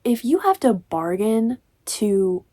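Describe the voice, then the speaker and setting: A woman's voice: a little high, big pitch swings, slow pace, warm tone. A woman casually ranting as she reviews a book, chatty and exasperated, with lots of "like.".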